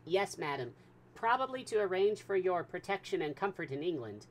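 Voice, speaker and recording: Man playing a remorseful devoted manservant, loud, pleading, high strained voice, storybook reading. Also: very animated, normal speed, a little hiss or hum.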